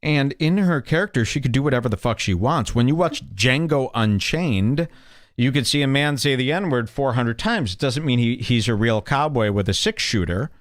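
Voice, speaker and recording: A man's voice: medium pitch, a bit bright. A man hosting a podcast, reacting to clips with heated, emphatic, scornful commentary. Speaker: podcast host.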